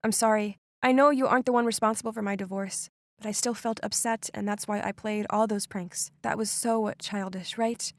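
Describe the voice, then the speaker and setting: Brief: woman doing a sheepish teen girl, quiet and soft, animated storybook, dry sound. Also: mid-range voice, moderate pace, dry recording, close to an everyday voice. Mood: apologetic. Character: teenage girl Linda, prickly then apologetic.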